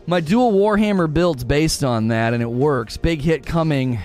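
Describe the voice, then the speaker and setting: A young man chats with his viewers while he plays, his voice bouncing up and down as he laughs often and greets people by name. His voice sits a little high for a man. Faint music plays underneath. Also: measured pace. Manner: animated, laughs often, reads chat aloud. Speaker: streamer. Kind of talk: casual gaming stream chat.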